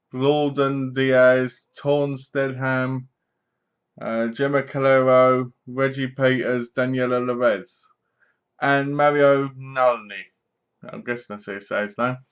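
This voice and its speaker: A man talks through a horror film in a loose, rambling way, circling back on himself with restarts and asides. His voice sits at a middling pitch. The recording is dull and lo-fi, like a cheap home setup. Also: fairly bright tone, smooth. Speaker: film reviewer. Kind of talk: casual spoken film review.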